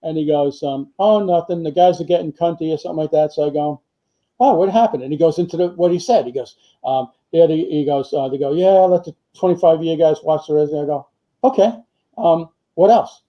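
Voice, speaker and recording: A retired firefighter and author, an older man, rambles through firehouse stories as a guest in a casual interview, full of fillers and quoted lines. His voice is a little high and brisk. The audio is muffled and lo-fi.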